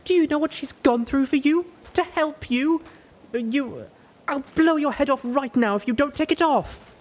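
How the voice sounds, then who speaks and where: A man voicing an emotional young female pegasus who pleads and shouts in a shrill voice. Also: moderate pace. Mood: furious.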